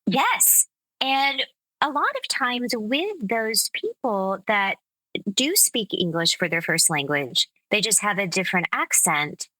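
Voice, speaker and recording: An American woman speaks slowly and deliberately, as a speech coach laying out her ideas in an interview. Her voice is bright and forward, and the recording is close and dry. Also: medium pitch, very animated, no echo, poor audio. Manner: measured, explanatory. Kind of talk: interview conversation.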